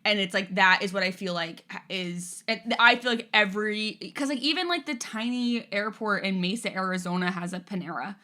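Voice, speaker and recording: Bright-voiced woman in casual chat. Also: medium pitch, a little fast, hardly any pauses. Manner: animated, swearing, slips into playful put-on voices. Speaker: podcast co-host.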